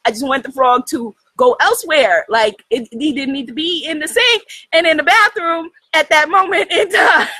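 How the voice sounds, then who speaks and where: A woman from New hosting a spiritual livestream, telling a story in an animated way, laughing often and talking straight to her viewers. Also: high-pitched, measured pace, no room sound, low-quality recording. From United States. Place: outdoors in the jungle.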